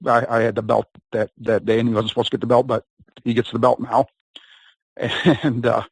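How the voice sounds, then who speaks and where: A man of medium pitch talks in a loose, rambling storytelling way, laughing now and then and slipping into voices of others as he recounts a ring mishap. His voice is close and dry, with no room sound around it. He comes across as an interview guest swapping stories. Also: little pitch movement, brisk, gravelly, breathy edge, no echo, rough recording. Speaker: wrestler. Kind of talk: casual storytelling.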